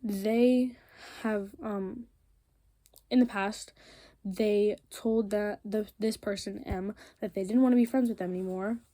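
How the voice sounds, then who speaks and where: Chatty teen girl ranting, mellow voice. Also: mid-range voice, steady tone, a little slow, no echo. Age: teens. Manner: chatty, rambling, frequent ums and likes. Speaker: vlogger. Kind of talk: casual rant while crafting.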